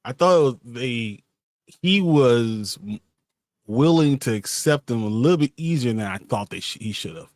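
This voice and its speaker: A man co-hosting a casual show recap, relaxed, chuckling and adding short remarks. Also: medium pitch, normal speed, no room sound, clean studio sound. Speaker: podcast co-host.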